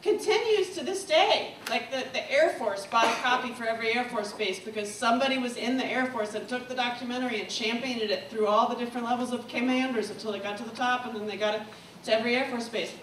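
A woman's voice: fairly high pitch, quick pace. A woman giving a candid, emotional talk on a comedy club stage, swearing freely and swinging between solemn and giddy. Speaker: guest speaker. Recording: echoey room, distant mic, faint noise.

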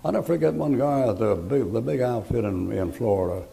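Folksy older preacher, gravelly. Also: male voice, medium pitch, lively intonation, a little fast, crowd noise. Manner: folksy, joking, acts out voices in stories. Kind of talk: folksy sermon with stories.

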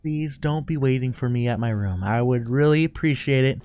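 A man hosting a gaming channel, playing a horror game with excitable, swearing commentary. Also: mid-range voice, moderate pace, a little hiss or hum. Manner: excitable, swearing, laughing asides. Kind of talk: let's play commentary.

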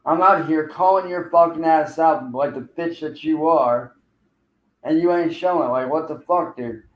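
A man's voice: on the high side, a little slow, echoey room, low-quality recording. A man streaming live, taunting and cursing at a rival who keeps failing to show up. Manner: taunting, profane, calling out a rival. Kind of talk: livestream trash talk.

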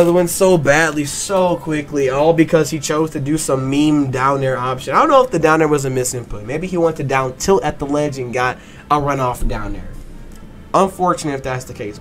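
Dude breaking down a fighting game set, talks fast, gets hype, curses a lot, soft music under him. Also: male voice, mid-range voice. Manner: rapid play-by-play, swearing, bursts of excitement. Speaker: match analyst. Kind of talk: excited esports breakdown.

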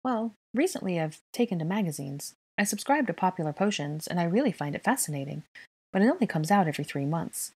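A woman's voice: lowish voice, expressive, fast talker, darkish tone, slightly rough. A woman voicing an earnest, timid young woman who tends to ramble, in a fan fiction reading.

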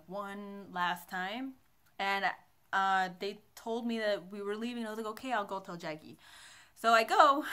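Bright, giggly young woman vlogger. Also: medium pitch. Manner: chatty, giggly, animated retelling. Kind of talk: casual storytime.

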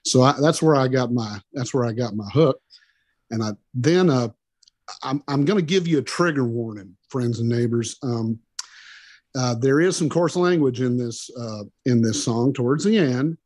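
A man's voice: medium pitch, normal speed, a little mellow, no echo. Folksy Oklahoman man, stammering. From Oklahoma, USA. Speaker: musician guest. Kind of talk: interview chat.

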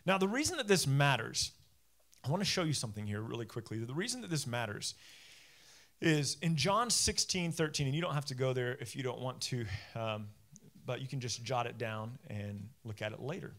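A male pastor giving a conversational sermon, acting out Bible figures in casual modern speech and swinging between loud bursts and low, quiet stretches. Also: lively intonation, normal speed.

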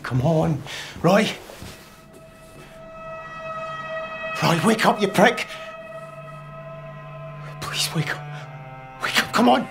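An actor playing a desperate Scottish oil rig electrician, pleading and sobbing over a dying friend, with a crying voice. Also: male voice, high voice, creaky, full character voice. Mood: pleading, grief-stricken. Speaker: game character. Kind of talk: video game voice acting.

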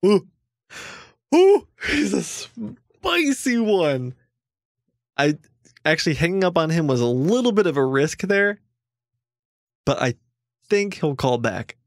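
A streamer host making relaxed, amused commentary asides. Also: male voice, on the high side, moderate pace, pauses often, no echo, clean studio sound.

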